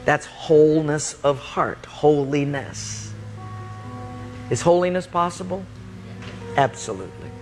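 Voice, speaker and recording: Animated storytelling male pastor. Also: a little high, slow pace, long pauses, soft background music. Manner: animated, raises voice sharply for quoted speech. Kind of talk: sermon with personal storytelling.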